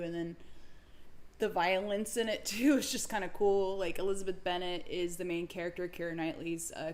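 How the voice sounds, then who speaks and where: Chatty woman co-hosting a live stream. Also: on the low side. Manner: chatty, laughs often, drawn-out phrasing. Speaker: co-host. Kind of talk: casual chat. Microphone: streaming mic.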